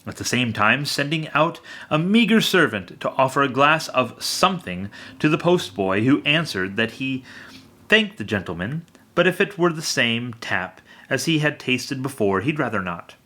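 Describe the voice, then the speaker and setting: A man reading a classic novel aloud with expressive storytelling. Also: medium pitch, normal speed. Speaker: audiobook reader.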